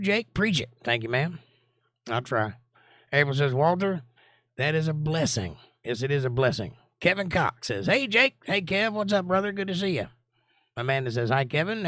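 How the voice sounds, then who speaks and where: A man hosts a live Bible study stream and chats easily with his viewers, greeting them by name and answering their comments. His voice sits a little high for a man. The sound is dry and close, with no room echo. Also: a bit bright. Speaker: Bible study teacher and livestream host. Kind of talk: casual livestream chat, reading viewer comments aloud.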